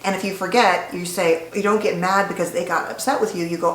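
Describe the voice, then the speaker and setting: A woman's voice: fairly low pitch, fairly even intonation, brisk, a little hiss or hum. A woman psychologist giving an educational talk straight to the viewer, conversational and explanatory. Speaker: licensed psychologist. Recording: echoey room with faint ambience.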